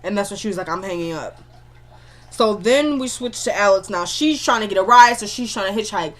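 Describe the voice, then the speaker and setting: A woman's voice: medium pitch, a little fast. A woman giving a casual spoken recap of a TV episode, acting out the characters' lines in quotes and adding asides to her viewers. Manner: chatty retelling that acts out the characters' dialogue in quotes; frequent filler "like" and running asides to viewers.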